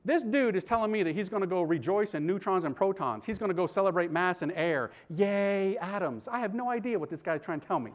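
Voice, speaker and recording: A priest telling his conversion story to an audience in an animated, slangy, comic way. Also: high voice, a little fast, hardly any pauses. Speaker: priest and speaker.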